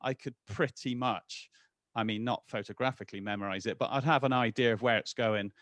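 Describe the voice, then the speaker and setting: A man's voice: mid-range voice, a little fast, no echo. A man in his forties, a guest talking in a casual interview with lots of restarts. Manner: animated, restarts often.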